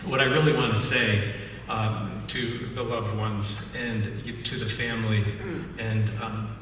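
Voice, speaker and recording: Heard from a distance in a noisy, echoey hall, this artist relations rep from the music industry delivers a memorial tribute in a fairly low, flat, slightly slow voice. Even so, he tells his story animatedly and laughs a lot.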